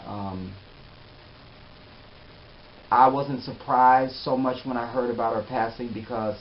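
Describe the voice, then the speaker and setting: A man telling a personal story in a casual, animated way, often trailing off softly. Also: mid-range voice, slow pace. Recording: slightly dull with faint hiss.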